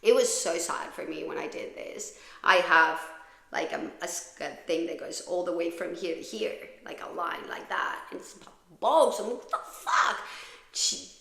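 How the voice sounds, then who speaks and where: A woman's voice: fairly low pitch, normal speed, gravelly, fairly bright tone, roomy sound. A woman hosting a podcast, telling her own story in a raw, profane, confessional way. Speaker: podcast host. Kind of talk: candid personal storytelling.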